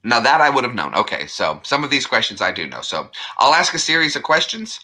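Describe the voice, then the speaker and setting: A man chatting casually on a live stream, rambling along and greeting viewers by name. His voice is very bright and lively, with a mid pitch and plenty of melody. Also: fairly quick. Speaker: livestream host.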